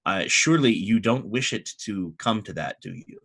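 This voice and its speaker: A man's voice: lowish voice, animated, normal speed, fairly bright tone, breathy edge. A man voicing a stern, pompous male church official who speaks formally and makes veiled threats. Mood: threatening.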